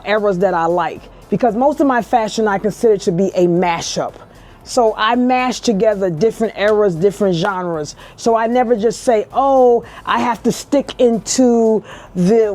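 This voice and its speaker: At home in her kitchen, a New York woman with a mixed Brooklyn and Southern accent chats casually on camera while showing her fashion pieces. Her voice is medium-pitched with a darkish tone, recorded on a distant mic.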